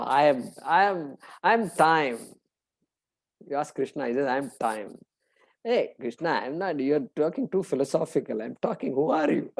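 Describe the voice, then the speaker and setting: A middle-aged man teaching a scripture class, talking loosely with fillers and slowing down to chant Sanskrit terms. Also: mid-range voice, mellow, low-quality recording. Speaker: Vedanta teacher.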